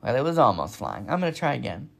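A man voicing an excitable young male gosling learning to fly, with a squeaky voice, in a storybook reading. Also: fast talker, vocal fry, heavily acted. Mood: eager.

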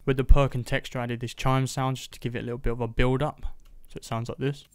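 A man narrates a beat-making tutorial in a casual, level voice that stays in a narrow pitch band. His tone is smooth and clean. He drops fillers as he moves from one layer to the next. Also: quick pace. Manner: casual, steady step-by-step walkthrough with frequent fillers. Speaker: beat maker explaining his production. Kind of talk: voice-over music production tutorial.

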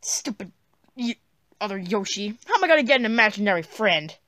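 A woman voicing a whiny, excitable young male dinosaur in a plush puppet comedy. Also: mid-range voice, a little fast, dry recording, studio quality. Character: whiny young male dinosaur who wants an imaginary friend.

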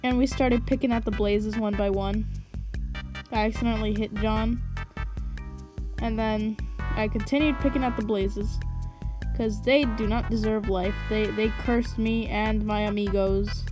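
A woman's voice: mid-range voice, fairly even intonation, a little slow. A woman giving casual, jokey gameplay commentary, mocking herself with dramatic asides. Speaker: gaming video narrator. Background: background music.

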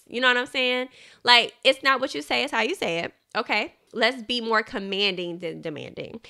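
Woman, podcast host, bright tone, smooth clear voice, casual chatty book talk. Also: on the high side. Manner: chatty, animated, laughs often, addresses listeners as y'all.

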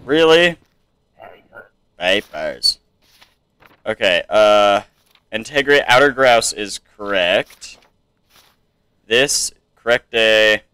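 A young streamer with a lowish, expressive voice talks slowly and pauses often, his tone bright, forceful, clear and resonant in a dry recording. His casual let's play commentary is chatty, and he reads the game's text aloud while trying on silly voices.

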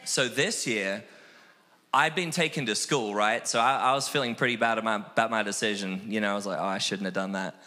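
A man from Australia, a missionary guest telling animated, self-deprecating stories in a casual interview. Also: lowish voice, fairly quick. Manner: animated, acts out quoted voices, self-deprecating. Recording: long hall reverb.

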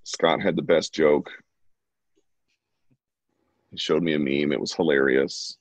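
A man's voice: a bass voice, fairly even intonation, takes it slowly, no echo. A man at home giving a casual, chatty live drawing lesson and talking while he sketches. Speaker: drawing instructor. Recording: dull lo-fi, dry sound.

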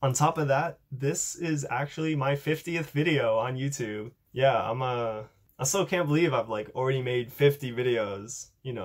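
Young male YouTuber, casual upbeat demo voice, self-deprecating, mid-range pitch. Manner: chatty, upbeat, self-deprecating, filler-heavy. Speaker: YouTuber demonstrating a coding project. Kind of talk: casual tech demo vlog.

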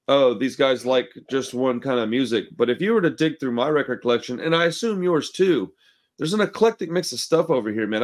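A man hosting a punk podcast, talking casually in slang and swearing as he tells stories. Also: mid-range voice. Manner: swearing, slangy, laughs while telling stories. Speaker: podcast host. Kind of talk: casual chat.

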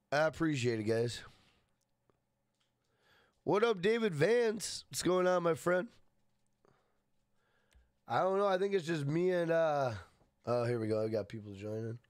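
A man's voice: medium pitch, clear, resonant tone, no room sound, clean studio sound. A man casually live-streaming a game, greeting chatters by name and swearing freely.

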